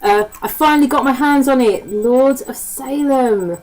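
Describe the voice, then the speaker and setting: A woman's voice: high-pitched, a little slow, a little mellow, rough recording. A woman from the East End of London with a Cockney accent, chatting casually to camera as a vlogger, swearing freely and filling her talk with ums. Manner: chatty and swears freely, with frequent laughs and fillers. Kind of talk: casual chat.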